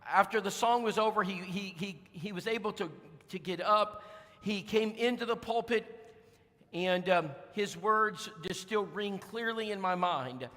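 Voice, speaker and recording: A man delivers a storytelling sermon in a church auditorium, his voice pitched high and ringing bright. He talks in a folksy way, full of fillers and restarts. A long reverb from the hall trails each phrase. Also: measured pace. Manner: acts out voices in his stories. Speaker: guest preacher.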